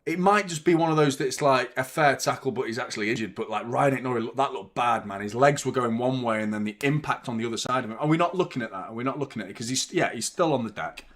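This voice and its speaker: A young man commentates on a live match for his viewers, chatty and casual. He curses the referee freely and flips between low muttering and shouted outbursts. He talks into a desk mic at his streaming setup. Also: fast, hardly any pauses. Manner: fan reacting to play, swears and shouts at the referee. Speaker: football watchalong host.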